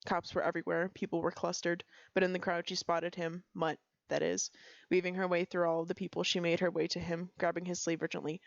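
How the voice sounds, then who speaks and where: A woman's voice: fairly low pitch, monotone, fairly quick, vocal fry, no room sound, dull audio. Giggly woman reading stories aloud. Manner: giggly, breaks into laughter. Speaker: streamer reading community roleplay posts. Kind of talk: casual read-aloud storytelling.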